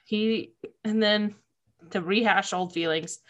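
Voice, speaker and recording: A woman's voice: mid-range voice, slow pace, fairly bright tone, highs cut off. A woman casually recapping episodes of a show, emotional and gushing, laughing often and saying "like" a lot.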